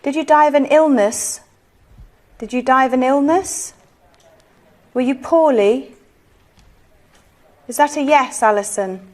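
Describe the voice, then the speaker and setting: A woman leading a ghost-hunt séance, asking soft, coaxing, pleading questions. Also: high voice, measured pace, long pauses. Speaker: séance leader.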